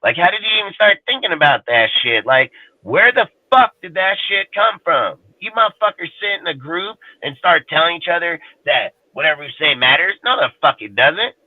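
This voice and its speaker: A man's voice: on the high side, animated, moderate pace, few pauses, no echo. A man in casual chat, ranting bluntly and swearing heavily. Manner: profane, blunt, heated. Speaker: roundtable panelist. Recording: tinny, dry call audio.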